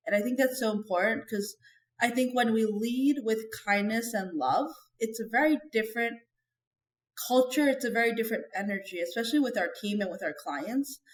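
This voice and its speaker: A woman guest in a podcast interview, talking in a chatty, earnest way and filling her sentences with "like". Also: a little high. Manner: chatty and earnest, heavy use of "like". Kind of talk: candid conversational interview. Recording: echoey room.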